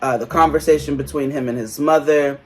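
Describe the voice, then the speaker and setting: A co-host of a reality-TV recap show, chatting casually and profanely, laughing often and acting out quotes in big high voices. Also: steady tone, fairly quick, a little mellow, breathy edge. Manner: laughs often while talking. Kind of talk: casual pop-culture recap chat.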